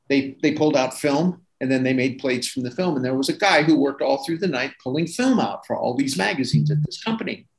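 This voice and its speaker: An older man relaxes into a casual interview, recounting his years in magic in a chatty, anecdotal way. His voice sits fairly high for a man, and he laughs easily between stories. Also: rough recording. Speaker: guest, former magic magazine editor and magician.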